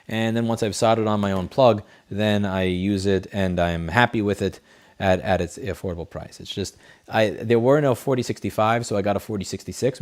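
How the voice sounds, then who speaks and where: A man with a slightly low, somewhat mellow voice hosts a casual livestream from his home studio desk, speaking into a studio headset mic. He reads viewer messages and tells blunt, profane, rambling stories.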